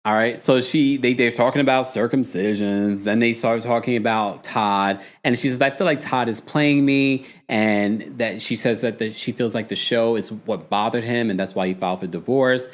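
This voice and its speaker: A man's voice: on the low side, normal speed, few pauses. Sassy man recapping reality TV. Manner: animated, sassy gossip with mimicry. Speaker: host. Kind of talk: casual reality-TV recap livestream.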